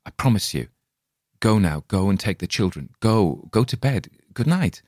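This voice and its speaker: A tired, frightened father speaking in a faint, broken voice, as a man reads him. His tone is very low and sounds dry and close. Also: very animated, moderate pace, a little mellow, no room sound. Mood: weary. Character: weary, frightened father of a family.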